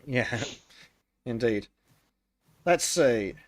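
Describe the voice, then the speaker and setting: A man's voice: medium pitch, expressive, extremely slow. A man co-hosting a casual podcast, reading chat comments aloud, laughing often and stumbling over his words.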